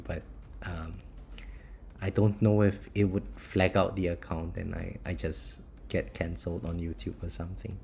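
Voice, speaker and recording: A young man from Singapore with a mild Singaporean English accent, chatting loosely with viewers on a live stream, restarting words and laughing softly. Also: on the low side, slight background noise. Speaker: live-streamer of a mobile tower-defense game. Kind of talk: casual live-stream chat, answering viewers.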